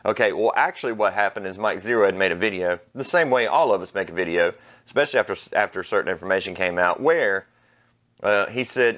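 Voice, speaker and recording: Low-voiced man ranting bluntly. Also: expressive, fairly quick, fairly bright tone. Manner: blunt, mocking, profane. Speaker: vlog host. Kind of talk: ranting opinion commentary.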